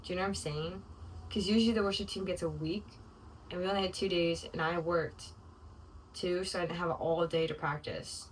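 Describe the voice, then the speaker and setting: A young woman with a fairly low voice talks through a casual confessional vlog, her sentences rambling and heavy with "like." She sounds openly emotional. The mic sits a little away from her, with faint room ambience underneath. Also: fairly even intonation, fairly quick, far from the mic, slight background noise, poor audio. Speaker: vlogger. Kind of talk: casual confessional video diary.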